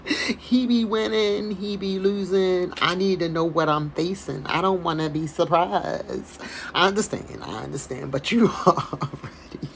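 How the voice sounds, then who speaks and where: A woman with a lowish voice talks casually as she reads a letter to her viewers. She keeps stopping to comment, amused and exasperated, and a faint hiss sits under her speech. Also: a little slow, vocal fry, poor audio. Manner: laughing, exasperated, chatty asides. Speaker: online commentator reading a letter aloud. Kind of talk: casual commentary with dramatic reading.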